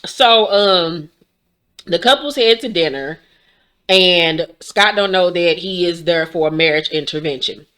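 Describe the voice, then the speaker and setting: A woman in her forties, worn out and yawning, gives a casual, animated reality show recap peppered with swearing and laughter. Her voice is on the low side, smooth, and a little slow.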